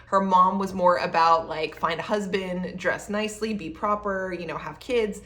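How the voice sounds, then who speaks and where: A woman's voice: fairly low pitch, steady tone, moderate pace, sharp tone. A woman, casually reviewing a novel, full of fillers and quoted asides. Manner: chatty, many fillers like um and you know; acts out her own past thoughts in quoted asides. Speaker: book vlogger.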